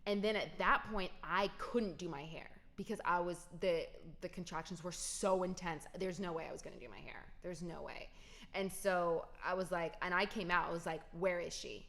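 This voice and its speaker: Lower-voiced woman telling a story. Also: moderate pace, fairly bright tone. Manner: emphatic, talks straight to viewers. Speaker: vlogger. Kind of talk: casual personal storytelling.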